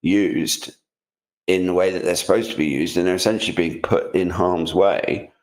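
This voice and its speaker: A man co-hosts a news roundup in a sarcastic, rambling way. His voice sits very low, and he often restarts his sentences. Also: fairly even intonation, moderate pace. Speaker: co-host. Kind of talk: casual news commentary chat.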